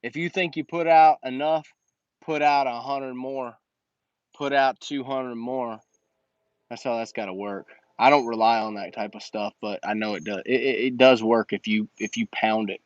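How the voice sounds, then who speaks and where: A man's voice: mid-range voice, steady tone, normal speed, dry recording, muffled recording. A man hosting a casual livestream Q&A and coaching business owners in slangy, emphatic talk that repeats his points.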